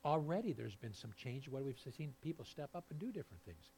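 A male pastor preaching a sermon, swinging between low, quiet passages and loud, fervent peaks. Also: very animated, a little fast, gravelly, a little hiss or hum.

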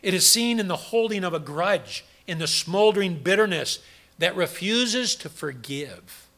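A man's voice: sits high, lively intonation, a little slow, a bit bright. A middle-aged man preaching a sermon, asking the audience questions and acting out quoted voices. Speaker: pastor.

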